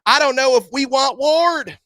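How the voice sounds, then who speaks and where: A man voicing a loud, mocking adult male football insider with a put-on Southern drawl. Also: no room sound, studio quality. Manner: high, shouting, drawn-out mockery.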